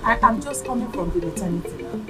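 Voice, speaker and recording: A woman with a Nigerian accent playing a jubilant new village grandmother in a film drama, speaking loudly and boastfully. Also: medium pitch, fast, natural voice. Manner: boastful, loud, excited. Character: jubilant older village grandmother, loud and showy. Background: film score music.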